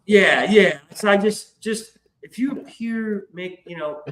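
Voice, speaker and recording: In a roomy, echoing recording, a male podcast host with a high-pitched, fairly bright voice takes his time. He narrates a story in a loose, foul-mouthed style, voicing the characters he quotes.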